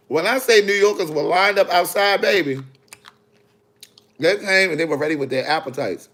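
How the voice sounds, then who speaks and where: A man, an author, chatting on a phone livestream in a sassy, animated way, talking straight to his viewers. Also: sits high, moderate pace, long pauses. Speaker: author hosting a live video. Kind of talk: casual livestream chat. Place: in the city after a book event.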